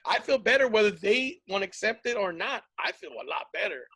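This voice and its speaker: A man's voice: high voice, lively intonation, fairly quick, vocal fry, pushed and bright. A man hosting a comedy podcast, swearing freely and telling stories with acted-out voices in casual chat. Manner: profane storytelling, acts out quoted voices. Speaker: podcast host.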